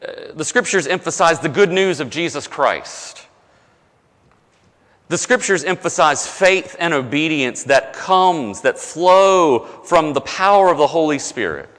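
A man gives a conversational sermon as pastor, his voice swinging widely in pitch. He drops low and soft to land his emphasis. The sound carries the long reverb of a large hall. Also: animated, measured pace.

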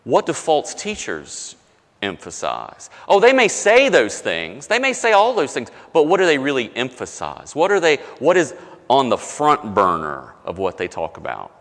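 A man's voice: huge pitch swings, normal speed. Man preaching in a reverberant hall. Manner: conversational preaching, dropping low and soft for emphasis. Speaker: pastor. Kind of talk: sermon.

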